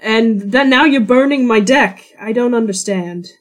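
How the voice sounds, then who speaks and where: A woman's voice: on the high side, normal speed, natural voice. A woman voicing a weary middle-aged male ship captain who complains in a tired, exasperated way.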